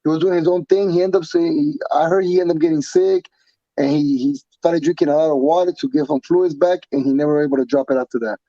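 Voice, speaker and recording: A man, a professional fighter being interviewed, talking casually in an animated, profane way with many restarts and repeats. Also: on the high side, fast, dry recording, highs cut off. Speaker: pro fighter guest.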